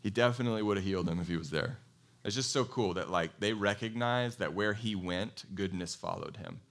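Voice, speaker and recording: A man preaching a sermon in a conversational, animated way, telling a Bible story and asking his congregation questions. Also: fairly low pitch, brisk. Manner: animated storytelling, acts out quoted voices. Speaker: pastor.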